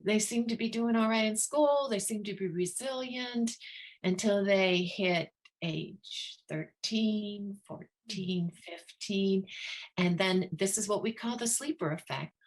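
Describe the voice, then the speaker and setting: A woman's voice: medium pitch, takes it slowly. A woman who leads a children's divorce program, telling a story in an earnest way and acting out the voices of the people she quotes. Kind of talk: storytelling talk.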